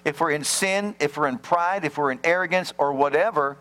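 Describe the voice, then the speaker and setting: A man preaching a sermon, animated, acting out little scenes and firing rhetorical questions at the congregation. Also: a little high, brisk, faint music behind. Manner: dramatizes scenes and acts out voices. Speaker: pastor.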